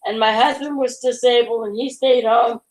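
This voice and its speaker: A woman's voice: a little high, fairly even intonation, moderate pace, a little mellow, poor audio. A middle-aged woman chatting defensively on a casual live stream.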